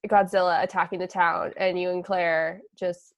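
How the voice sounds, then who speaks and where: A woman's voice: lowish voice, flat delivery, moderate pace, lo-fi sound. A woman co-hosting a casual chat, laughing often as she reacts. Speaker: podcast co-host.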